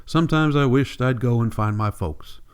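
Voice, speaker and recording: A man reading the part of a weary older male drifter who refuses to leave his land, in a quiet, resigned rural drawl. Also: medium pitch, normal speed, clean tone, lightly acted. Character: weary old male drifter clinging to home.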